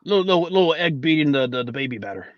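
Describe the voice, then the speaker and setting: A man's voice: a little high, lively intonation, racing, dry recording, lo-fi sound. A man co-hosting a casual podcast, folksy, repeating and stammering over his words. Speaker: podcast co-host.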